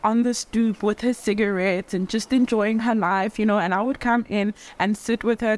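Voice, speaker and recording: Young woman, vlogger, chatty, theatrical, mid-pitched voice. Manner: theatrical, talks with her hands; chatty, full of "like" fillers. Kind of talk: casual reflective vlog talk.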